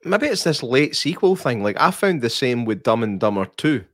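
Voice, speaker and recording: A man's voice: medium pitch, sing-song, moderate pace, a bit bright, no echo, studio quality. Easygoing man chatting films. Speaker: podcast co-host. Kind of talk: casual film review chat.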